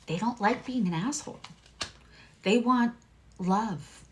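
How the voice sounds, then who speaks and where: Her voice runs on the high side as she hosts a live tarot and astrology session, speaking slowly and pausing often. She's candid and chatty, swears freely, and occasionally murmurs hushed asides. A little hiss or hum sits under the recording.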